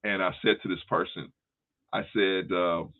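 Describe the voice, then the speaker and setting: A man with a fairly low voice hosts a casual discussion. He explains at length with everyday analogies and often stops to restart a phrase. His voice comes through a narrow, tinny phone line. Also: fairly even intonation, normal speed. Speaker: host.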